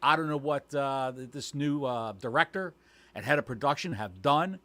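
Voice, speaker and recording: A man's voice: medium pitch, normal speed, pushed and bright, no echo. A man co-hosting a wrestling podcast, cracking sarcastic, mocking jokes. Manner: sarcastic, mocking, joking interjections. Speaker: podcast co-host. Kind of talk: casual wrestling talk.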